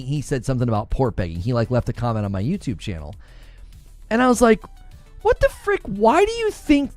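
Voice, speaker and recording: A man's voice: a little high, no room sound. A man hosting a gaming news show, chatting casually and sarcastically, laughing often as he mocks online insults. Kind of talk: casual commentary.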